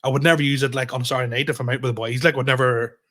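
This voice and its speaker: A man's voice: medium pitch, fairly even intonation, rapid-fire, a bit bright. A man, a comedian co-hosting a podcast, telling a story in casual chat and acting out both sides of the dialogue, with plenty of swearing.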